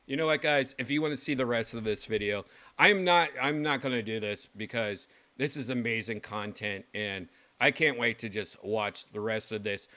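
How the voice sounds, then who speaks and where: A man hosting his own show, reacting to clips in casual livestream commentary, excitable and swearing freely with loud exclamations. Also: mid-range voice, normal speed. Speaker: show host.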